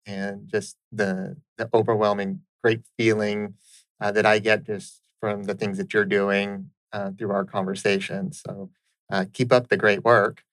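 A man's voice: on the low side, flat delivery, a little slow, a bit bright, no room sound, rough recording. A man hosting a conversational interview, earnest and affirming, often checking in with "right?". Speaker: interviewer host.

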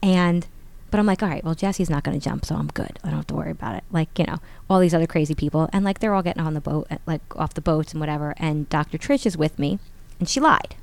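A woman in her forties telling a personal story in a casual interview, animated and acting out the voices of others. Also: fast, gravelly. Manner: animated, acts out quotes with rising pitch. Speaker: guest.

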